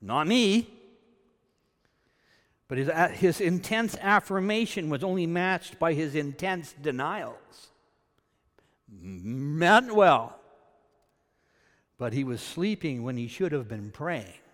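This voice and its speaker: A man from Canada preaching a sermon. He swings between loud, emphatic peaks and quiet asides. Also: a little high, expressive, takes it slowly, big-room sound. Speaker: pastor.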